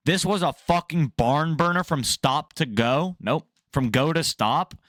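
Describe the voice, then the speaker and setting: A young man with a fairly high voice rants bluntly about fight news, swearing freely and speaking in a casual, opinionated way. He is recorded close and dry, with no room sound around him. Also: a little slow, dry recording. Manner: blunt, profane, animated ranting. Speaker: MMA news host.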